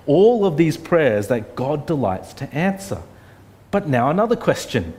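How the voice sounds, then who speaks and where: A man's voice: medium pitch, darkish tone. Earnest man preaching a conversational sermon. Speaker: pastor.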